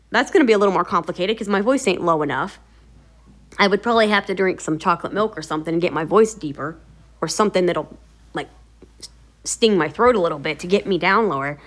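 A woman hosting a motivational video series, talking casually to the camera in a chatty, encouraging way with lots of fillers. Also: a little high. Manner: chatty, animated storytelling with many fillers.

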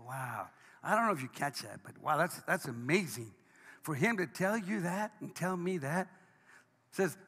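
A man, a pastor, preaching a sermon, swinging between hushed lines and shouted ones. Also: fairly high pitch, lively intonation, normal speed. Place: church sanctuary. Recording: long hall reverb.

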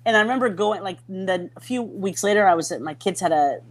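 Woman, middle-aged, from Minnesota, casual storytelling, animated, quotes people in their own voices, mid pitch. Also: fairly quick. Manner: animated, acts out quoted voices, many restarts. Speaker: podcast guest.

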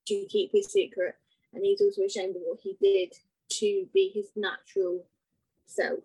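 Thoughtful woman co-host, slightly husky voice, close and dry. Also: mid-range voice, little pitch movement, moderate pace, mellow, no room sound, low-quality recording. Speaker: podcast co-host. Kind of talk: casual chat reviewing a TV drama.

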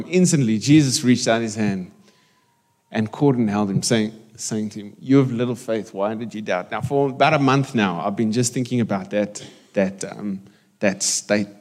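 A man's voice: fairly low pitch, normal speed. A man preaching a conversational sermon to his congregation, joking with people and slipping into Afrikaans. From South Africa. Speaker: pastor. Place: church hall. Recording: long reverb of a church hall.

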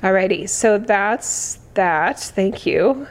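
A woman in her forties, hoarse today, chatting effusively on a livestream, laughing often as she reads comments. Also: medium pitch, takes it slowly. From United States. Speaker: livestream host. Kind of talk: casual livestream chat reading comments.

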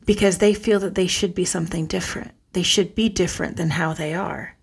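A woman giving a gentle self-care lesson, soft and earnest, often dropping almost to a whisper. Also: fairly low pitch, fairly even intonation, brisk, slightly rough. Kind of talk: guided self-talk lesson.

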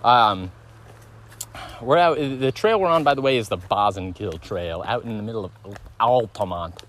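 A man's voice: fairly low pitch, expressive, moderate pace, fairly bright tone. A young man co-hosting a podcast, chatting casually while hiking outdoors on a woodland trail, rambling and laughing often. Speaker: podcast co-host.

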